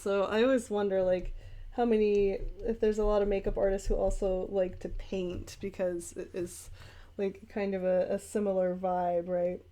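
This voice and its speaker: A young woman who vlogs about painting and teaches art chats casually as she paints along. Her mellow, mid-range voice rambles with fillers and little laughs.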